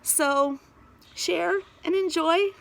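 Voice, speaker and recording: A woman telling a children's story aloud, very expressive and dropping to a whisper at spooky moments. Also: very high-pitched, extremely slow, vocal fry.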